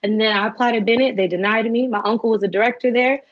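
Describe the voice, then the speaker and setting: Animated young woman, lo-fi recording. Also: on the high side, fast. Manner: animated, acts out quoted voices. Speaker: guest. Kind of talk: storytelling in an interview. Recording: dull lo-fi recording.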